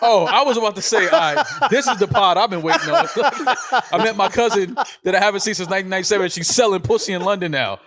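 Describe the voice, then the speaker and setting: A man's voice: high voice, fast talker. A man co-hosting a podcast, chatting casually and laughing a lot. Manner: laughs a lot, loud reactions. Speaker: podcast co-host. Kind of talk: casual chat.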